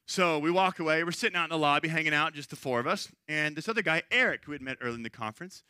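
Middle-aged male pastor, brightish higher voice, dry close sound, chatty sermon storytelling. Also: racing, clean tone, no echo. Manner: conversational storytelling with frequent "right?" asides.

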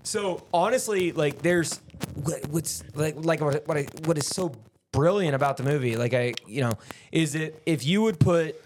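A man's voice: on the high side, normal speed, slight background noise. Rambling podcast guy. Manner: rambling, restarts a lot, mimics people he quotes. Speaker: podcast co-host. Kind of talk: casual movie chat.

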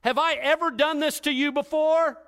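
A man voicing a talking donkey that protests loudly at being beaten, in a high, pleading voice. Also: steady tone, normal speed. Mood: indignant.

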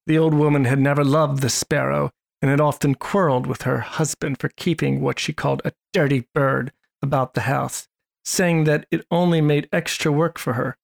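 A narrator with a gravelly voice reading a storybook in a measured, expressive way. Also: medium pitch. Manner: measured, expressive read-aloud.

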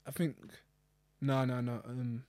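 A young man, chatting casually as a podcast co-host in quick slangy talk. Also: mid-range voice, level tone, no echo. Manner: quick slangy talk, often laughing loudly. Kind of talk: casual chat.

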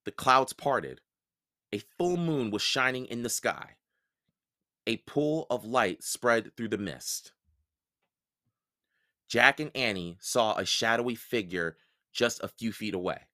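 A man reading a children's book aloud for a podcast, expressive and unhurried. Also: fairly low pitch. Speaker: podcast storyteller.

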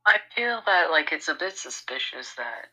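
A woman's voice: low voice, big pitch swings, moderate pace, pushed and bright, breathy edge, poor audio. A woman co-hosting a podcast, chiming in with brief reactive comments, set back from the mic. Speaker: podcast co-host. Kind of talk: casual chat.

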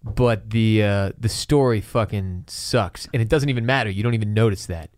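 A man hosting a podcast, his voice smooth and resonant on a close studio mic. He talks loosely and jokes, swears freely, and shifts into a quick ad read. The sound is dry with no room echo. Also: on the low side. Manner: joking, profane, loose. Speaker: podcast host. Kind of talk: casual podcast chat and ad read.

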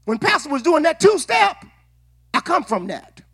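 High, bright-voiced preacher man. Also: sing-song, moderate pace. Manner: call-and-response preaching, shouting at peaks. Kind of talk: sermon.

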